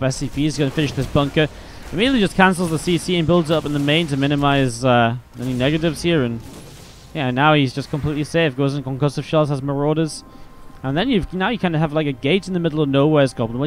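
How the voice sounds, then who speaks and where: A man's voice: a little high, fast talker, soft background music. A man with an English accent casting a live strategy game match, mixing play-by-play calls with chatty asides. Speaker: esports caster.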